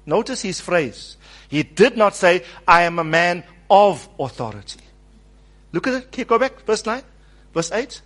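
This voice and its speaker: In a high, unhurried voice, a man delivers an animated sermon, urging the congregation to echo his words and dramatizing the quoted speech.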